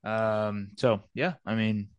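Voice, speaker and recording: A man's voice: on the low side, fairly even intonation, slow, clear, resonant tone, dry recording. A man hosting a casual chat from home over a video call, rambling and hesitant, with many fillers. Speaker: host.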